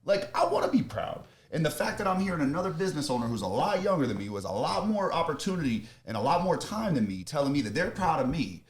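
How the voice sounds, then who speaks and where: A young man from Florida talking on a podcast, brash and boastful, swearing a lot and swinging from loud bragging to quiet worry. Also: on the high side, very animated, fast talker, few pauses. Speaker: podcast host, business owner. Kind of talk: casual chat.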